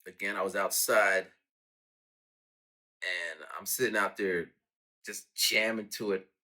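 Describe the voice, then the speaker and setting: A man telling casual stories about his own raps, lively and acting out sounds and quotes. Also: low-pitched, slow pace. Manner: animated, acts out quotes and sound effects. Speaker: rapper talking about his own songs. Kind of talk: casual storytelling.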